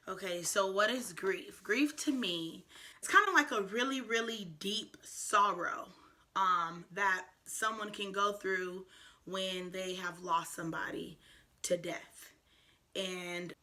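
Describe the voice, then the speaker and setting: A woman in her twenties talking to camera in a personal vlog, soft, reflective and earnest, with frequent fillers. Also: medium pitch. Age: 20s. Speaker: vlogger.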